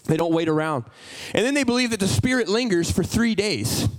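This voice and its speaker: A man preaching a sermon in a very high voice. He is animated and keeps slipping into acted-out dialogue. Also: fairly quick, poor audio. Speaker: pastor.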